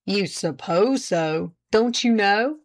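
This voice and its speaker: A woman voicing a formal male prosecutor who questions a witness deliberately and pointedly. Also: mid-range voice, animated. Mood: probing.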